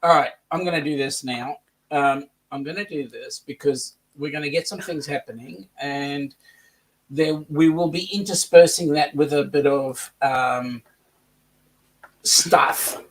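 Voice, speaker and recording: A man's voice: a little high, unhurried, poor audio. Jokey man co-hosting a chat stream. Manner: jokey, banter-heavy, says mate a lot. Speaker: co-host. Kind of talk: casual live-stream chat.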